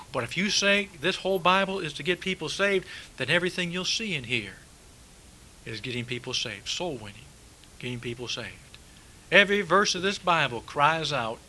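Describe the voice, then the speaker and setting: A man's voice: mid-range voice, pushed and bright, a little hiss or hum, low-quality recording. A man preaching a sermon, emphatic, repeating key words and asking rhetorical questions.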